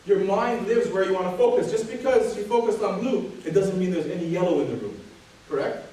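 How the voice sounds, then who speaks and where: Man, motivational keynote speaker, high voice, very echoey hall, distant from the mic. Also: lively intonation, a little fast, warm tone. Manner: emphatic, repeats phrases, questions the audience.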